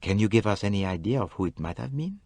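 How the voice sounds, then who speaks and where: A man reading an audiobook, voicing a fastidious older detective who speaks earnestly and formally. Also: on the low side, expressive, a little mellow, husky, no room sound. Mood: probing. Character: fastidious older male detective, calm and probing. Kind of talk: audiobook character voice.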